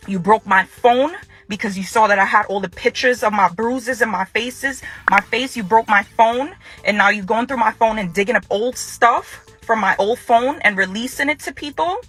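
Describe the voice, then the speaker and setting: Furious husky-voiced woman confronting her ex. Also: fairly high pitch, fairly bright tone. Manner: confrontational, repeats phrases for emphasis. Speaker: ex-wife speaking out. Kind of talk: angry direct-to-camera statement.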